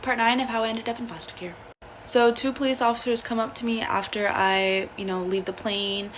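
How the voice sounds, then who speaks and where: A young woman telling a personal story in a casual, blunt and profane way, animated throughout. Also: on the high side, brisk, a little hiss or hum.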